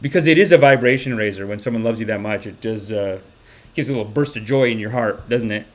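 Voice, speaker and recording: A man's voice: fairly low pitch, quick pace. A young man hosting a comedy podcast, telling stories animatedly and slipping into voices. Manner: animated, acts out people with voices. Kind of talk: comedic storytelling monologue.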